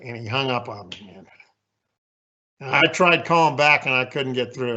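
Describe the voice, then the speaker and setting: A man's voice: mid-range voice, normal speed, long pauses, sharp tone, highs cut off. A man in his sixties giving a candid, folksy, self-deprecating leadership talk with slides as a guest speaker.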